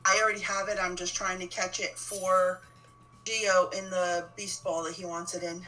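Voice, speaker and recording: A woman's voice: lowish voice, flat delivery, moderate pace, sharp tone, far from the mic, soft background music, poor audio. A woman co-playing on a game stream, talking casually with many hesitations and restarts. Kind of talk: casual gaming chat.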